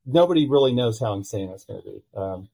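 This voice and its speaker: A man's voice: lowish voice, fast talker, creaky, low-quality recording. A man talking as a guest on a podcast in casual conversation, telling stories and acting out the people he quotes. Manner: animated storyteller who acts out quoted dialogue. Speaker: podcast guest, pitching analytics company founder.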